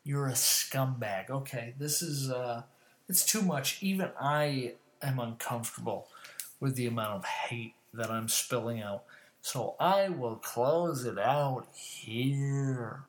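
A man's voice: medium pitch, takes it slowly, slight background noise. A man hosting a show, delivering a heated, profane comedic rant full of insults.

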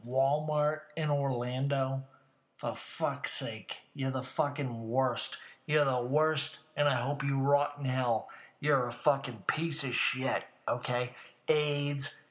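Slow-talking man on a profane rant. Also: mid-range voice, fairly bright tone. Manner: heated, swearing, insulting.

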